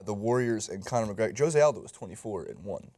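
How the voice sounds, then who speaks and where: A man's voice: lowish voice, animated, quick pace, darkish tone. A man co-hosting a sports reaction show, reading out reactions with dry, wry remarks. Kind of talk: casual sports chat.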